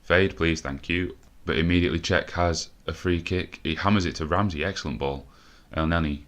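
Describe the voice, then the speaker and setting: A young man commentating a football video game live, a bit out of breath and swearing often, shouting when the action peaks. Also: low voice, steady tone, normal speed. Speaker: gaming commentator.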